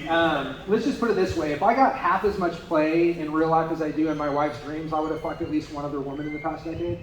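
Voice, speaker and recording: A young, high-voiced comic rattles fast through a crude routine at a brewery comedy night, with deadpan asides wedged between "um" and "uh." His voice rings in the echoey live room.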